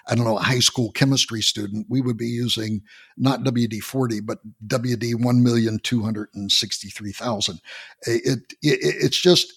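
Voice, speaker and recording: A man hosting a podcast interview, explaining in a halting way and often restarting and repeating words. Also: mid-range voice, breathy edge. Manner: storytelling, earnest explaining. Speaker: podcast host.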